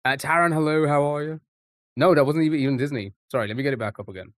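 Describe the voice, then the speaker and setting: A man's voice: a little high, fast, dry recording, clean studio sound. Chatty English man streaming live. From England. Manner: chatty, rambling, reacting to chat. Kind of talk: casual live-stream chat.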